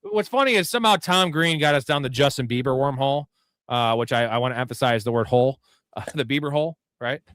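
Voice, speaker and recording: A man's voice: mid-range voice, fast talker, fairly bright tone, clear, resonant tone, no echo. A man co-hosting a live sports talk show, chatting casually and rambling with profane jokes and laughter. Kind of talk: casual chat.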